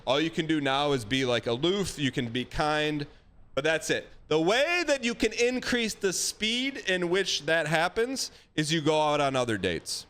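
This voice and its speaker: Blunt guy on a stream handing out dating advice, kinda high voice, acts out lines. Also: animated, a little slow, fairly bright tone, smooth. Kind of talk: casual advice chat.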